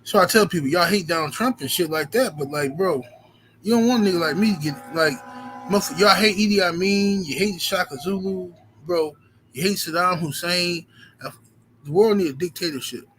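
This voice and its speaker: A man hosting a casual livestream, reading out viewer messages and riffing in a profane, rambling, animated way. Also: high voice, moderate pace, slight background noise. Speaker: livestream host reading super chats.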